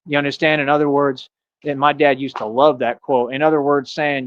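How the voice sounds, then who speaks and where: A man's voice: mid-range voice, little pitch movement, brisk, no echo, dull audio. A man ranting on his livestream, boastful and mocking, rambling with plenty of fillers. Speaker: streamer. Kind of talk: livestream rant.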